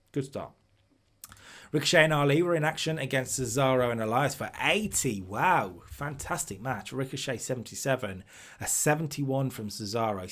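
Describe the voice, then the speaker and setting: A man casually talking through a wrestling booking game, recapping each segment and reading out its ratings. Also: medium pitch. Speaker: streamer booking a wrestling sim.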